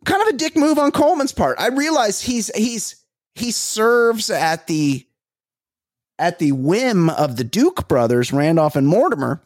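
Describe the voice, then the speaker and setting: A man hosting a comedy podcast who talks in a casual, animated way, swearing freely and riffing on movie scenes. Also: high-pitched, a little slow, no echo, studio quality. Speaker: podcast host.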